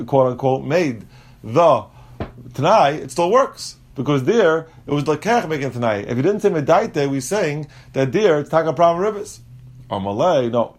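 Animated man teaching a Talmud lesson. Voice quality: mixes English with Aramaic and Hebrew terms, explains step by step. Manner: animated, jumps in pitch when acting out quotes.

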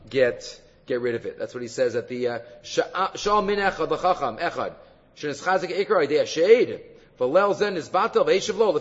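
Man, lively Talmud teacher, slightly high voice, dull recording with long reverb in a hall. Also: breathy edge. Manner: animated, mixes English with Hebrew and Aramaic, many fillers. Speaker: Torah teacher. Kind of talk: Talmud lecture.

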